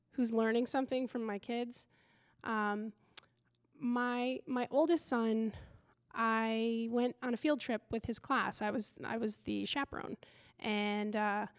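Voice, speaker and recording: Middle-aged female stand-up, higher voice, casual storyteller who acts out the lines, dry close sound. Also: no room sound. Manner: conversational with fillers, acts out quoted voices. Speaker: stand-up comedian.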